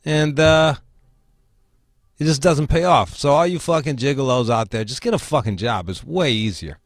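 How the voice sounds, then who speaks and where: A man hosting a casual talk show, telling stories in a profane, animated way. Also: mid-range voice, moderate pace, dry recording. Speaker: show host. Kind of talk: casual podcast chat.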